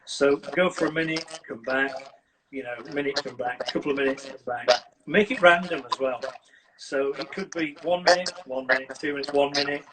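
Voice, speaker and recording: A man, a dog trainer, giving lively, casual advice on a video call. He acts out scenes and keeps checking in with "right?". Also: a little high, normal speed. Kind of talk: casual advice on a live stream. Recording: distant mic with loud noise.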